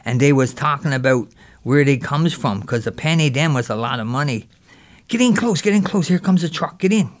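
A man voicing a mischievous boy who spins a lively tale in local dialect. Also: mid-range voice, fairly quick, voice pushed down, natural voice. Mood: boastful. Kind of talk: character storytelling.

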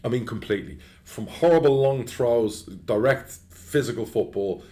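In a relaxed interview, this middle-aged man who chairs a football club tells stories bluntly and with energy, cursing freely. He speaks at a medium pitch and a moderate pace.

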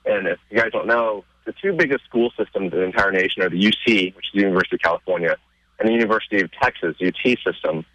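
Interviewed on the radio, a man tells stories casually and gets excited, his pitch jumping up as he relives scenes. He talks fast, and the audio is dull with no room sound.

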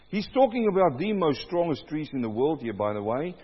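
Loud preacher in an echoing hall. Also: male voice, expressive, a little fast, few pauses, slightly rough. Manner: loud, booming preaching that swells in volume. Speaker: pastor. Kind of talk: sermon. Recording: dull, lo-fi sound with long hall reverb.

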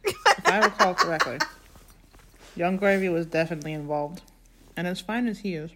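A woman co-hosting a podcast in easy, casual chat. Her voice sits a bit low. She cracks dry, wry jokes and rambles through her thoughts, strung together with "like". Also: a little fast, very noisy. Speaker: podcast co-host.

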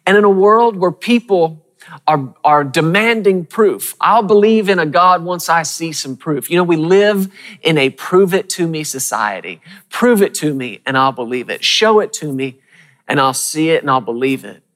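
Male preacher, a bit high-voiced, driving his points home with repetition and questions, in a long-reverb hall. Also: lively intonation, fairly bright tone. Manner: emphatic, repeats key phrases, asks the audience questions; reads scripture slowly and deliberately. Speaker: pastor. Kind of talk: sermon.

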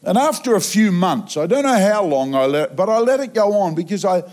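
Lively high-voiced preacher. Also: male voice, a little fast. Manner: humorous, animated storytelling with sudden loud outbursts. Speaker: traveling preacher. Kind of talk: sermon. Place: church auditorium.

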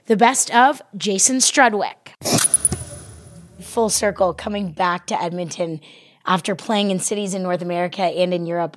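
A woman hosts a sports podcast. She reads a short introduction and then puts measured, friendly questions to her guest. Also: medium pitch. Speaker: podcast co-host, interviewer. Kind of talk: scripted intro and interview questions.

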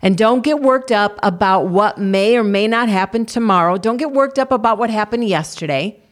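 A woman's voice: medium pitch, moderate pace. A woman co-hosting a Christian talk show, preaching earnestly and leading a spoken prayer. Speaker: co-host.

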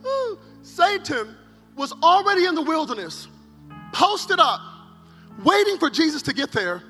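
A male pastor preaching a dramatic sermon at a conference, swinging between loud acted cries and hushed, intense passages. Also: extremely high pitch, very animated, a little slow. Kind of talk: energetic sermon. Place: large conference hall. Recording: live sermon with hall reverb and faint music.

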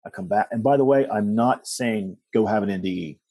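A man's voice: on the low side, a little fast, mellow, no room sound. A middle-aged man telling personal stories as a guest, rambling with restarts and asides. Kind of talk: personal storytelling in conversation.

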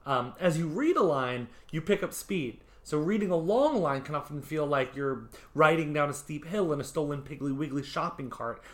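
A man's voice: on the high side, lively intonation, normal speed, hardly any pauses. A man teaching a lesson on poetry, explaining patiently in a conversational way, with frequent ums and small restarts. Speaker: poetry instructor. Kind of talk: conversational lecture.

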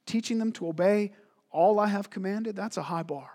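A man's voice: sits high, moderate pace, dark tone. A man preaching a sermon as a pastor, emphatic, with rhetorical questions and repeated words.

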